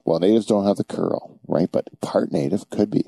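A man hosts a casual podcast in a low, deeply mellow voice. He jokes crudely and rambles as he goes. The sound is dry and close. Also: normal speed, vocal fry, no echo. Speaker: podcast host. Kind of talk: casual banter.

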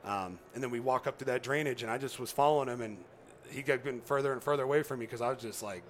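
A man, a podcast guest, telling a story in a casual, animated way, laughing often and acting out dialogue. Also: medium pitch, quick pace, slight background noise.

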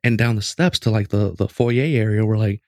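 Low gravelly man telling a story. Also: moderate pace, dry recording, studio quality. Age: late 20s. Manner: lively, conversational, frequent restarts and "I'm like". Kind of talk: casual storytelling chat.

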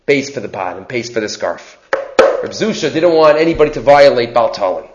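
A man's voice: medium pitch, expressive, brisk. A man teaching a Torah class, mixing in Hebrew terms and often checking in with "right?".

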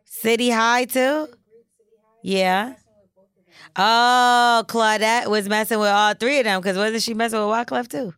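Blunt, crisp-voiced woman podcast co-host. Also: a little high, fairly even intonation, unhurried, fairly bright tone, no echo, studio quality. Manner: blunt and profane, teasing her co-host. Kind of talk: casual podcast banter.

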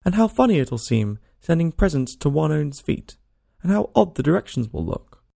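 A man's voice: on the high side, big pitch swings, normal speed, creaky, mellow, voice pushed up, heavily acted. A man reading a storybook aloud and voicing a small curious girl who talks to herself in a rambling, worried way. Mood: fretting.

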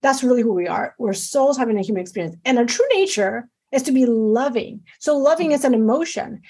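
Middle-aged woman doctor, husky and a touch high, talks fast and emphatically in casual interview chat. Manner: animated, emphatic, many fillers. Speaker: physician guest.

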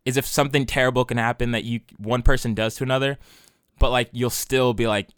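Rambling, swearing young man, smooth voice. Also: medium pitch, fairly even intonation, quick pace, dry recording, studio quality. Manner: rambling storyteller, swears a lot, many restarts. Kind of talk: casual chat.

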